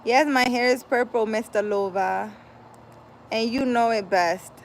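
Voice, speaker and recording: A woman's voice: a little high, measured pace, slight background noise. A woman hosting a casual livestream outdoors, greeting viewers by name and chatting loosely as she reads their comments. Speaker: livestream host and spiritual healer.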